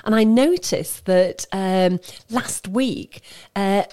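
A woman guest on a talk show, briskly informative in casual chat. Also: medium pitch, dark tone. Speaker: book industry guest.

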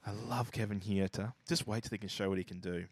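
Low-voiced man, sweary and rambling. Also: fast, slightly rough. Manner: swears freely, rambling and excitable. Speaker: podcast co-host. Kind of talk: casual sports chat.

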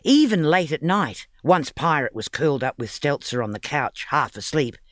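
A man narrating a children's audiobook story in an expressive, playful reading. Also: fairly high pitch, normal speed, no room sound, clean studio sound.

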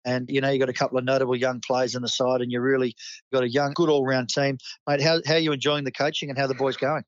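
A man's voice: mid-range voice, little pitch movement, fast talker, no room sound, highs cut off. An Australian man hosting a local sports club roundup, enthusiastic and matey. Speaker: club host.

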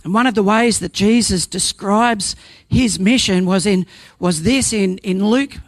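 A man's voice: high voice, unhurried, no echo. A man preaching a sermon, earnest and emphatic, building points through repetition and sometimes restarting a phrase.

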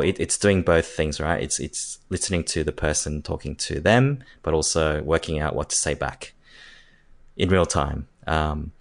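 A man co-hosting a casual tech podcast, halting and repeating words as he explains, laughing often. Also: low-pitched. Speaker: podcast co-host.

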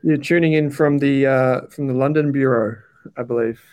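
A man's voice: mid-range voice, moderate pace. An Australian man hosting a podcast, chatting casually and friendly, with frequent fillers. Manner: relaxed, friendly, says "mate" and "um" often. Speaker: podcast host. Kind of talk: casual interview chat.

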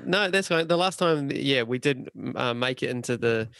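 A man's voice: medium pitch, animated, moderate pace, a bit bright, smooth, dry recording. A young man with a New Zealand accent, co-hosting a podcast in casual chat with laid-back, mock-earnest teasing. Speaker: podcast co-host.

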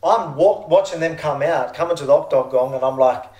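A man's voice: on the high side, fairly quick, darkish tone. An Australian man talking eagerly as an interview guest, often restarting his sentences. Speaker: fighter guest. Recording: echoey room.

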